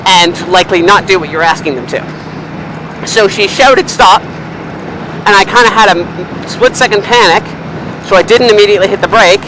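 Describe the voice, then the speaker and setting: A young man, chatting casually and swearing freely while driving, rambling and excitable. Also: high voice. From Canada. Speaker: vlogger. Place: inside a car, driving in city traffic. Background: faint car and road noise.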